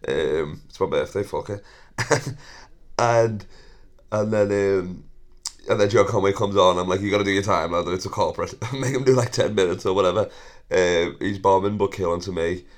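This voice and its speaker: A man's voice: deep voice, normal speed. A thirty-year-old man, hosting a podcast and telling rambling, sweary stories with frequent laughs and self-corrections. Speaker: podcast host. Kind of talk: casual storytelling monologue.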